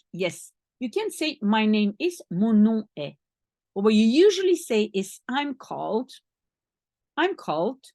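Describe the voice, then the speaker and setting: A woman's voice: fairly high pitch, a little mellow, no echo, clean studio sound. A woman teaching a French lesson in English, explaining patiently step by step and spelling out each French word. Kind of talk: language lesson.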